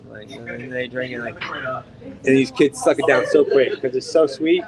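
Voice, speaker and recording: A man's voice: medium pitch, steady tone, moderate pace, a loud crowd, poor audio. A middle-aged man co-hosting a casual podcast, rambling and profane, with lots of "like" fillers. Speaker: podcast co-host.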